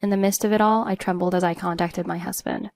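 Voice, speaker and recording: A woman's voice: on the low side, steady tone, fast, gravelly, darkish tone, no room sound. A woman narrating a first-person story in an earnest, emotional way.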